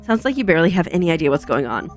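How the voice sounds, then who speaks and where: Woman voicing a wry young guy, sarcastic, curious, lively pitch, game dialogue read aloud, faint music. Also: very fast.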